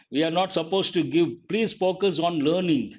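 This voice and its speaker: Male grammar teacher, slightly high voice, slow and deliberate, dull lo-fi stream. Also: darkish tone. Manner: slow, deliberate, repeats key phrases, quizzes viewers. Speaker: English teacher. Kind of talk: live online grammar lesson.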